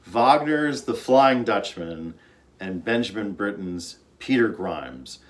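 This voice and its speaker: Man, conductor, fairly low voice, earnest storyteller, informal music talk. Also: lively intonation, slow. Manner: earnest, storytelling, with fillers and restarts. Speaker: orchestra conductor.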